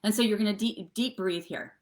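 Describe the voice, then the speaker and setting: A woman's voice: mid-range voice, brisk, darkish tone. A middle-aged woman coaching viewers through breathwork and tapping on a live stream, chatty and often checking in with "okay?" and "right?". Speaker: wellness coach.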